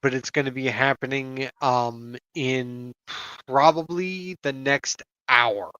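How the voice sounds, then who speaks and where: A man's voice: medium pitch, fairly even intonation, slow pace, sharp tone, clean tone, no room sound. A man on a podcast steering the talk, hesitant and full of ums and restarts. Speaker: podcast co-host steering the discussion. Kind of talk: casual chat. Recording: dull, dry lo-fi mic.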